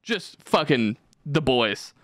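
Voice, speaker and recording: A man hosting a casual podcast, spinning long, loose stories with plenty of swearing and filler words. His voice is bright and forward, and the sound is dry and close to the mic. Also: mid-range voice, big pitch swings, takes it slowly, no room sound. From California. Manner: profane, rambling storyteller. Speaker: podcast host.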